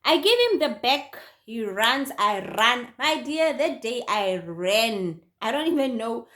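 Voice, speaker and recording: A young Namibian woman with a slightly high voice tells a personal story straight to her viewers. She is animated and chatty, often turning to her audience as she speaks. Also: takes it slowly. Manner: animated, addresses viewers directly. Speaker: YouTuber.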